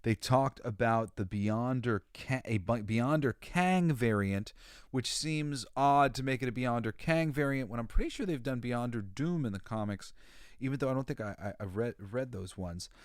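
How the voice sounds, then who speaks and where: A man's voice: medium pitch, normal speed, no echo, studio quality. A man hosting a podcast, talking casually in a rambling, opinionated monologue full of fillers, restarts and exasperated sighs. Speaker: podcast host.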